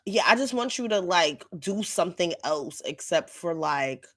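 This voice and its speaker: A woman's voice: lowish voice, animated, normal speed, a bit bright. A woman podcast guest in casual chat, blunt and opinionated.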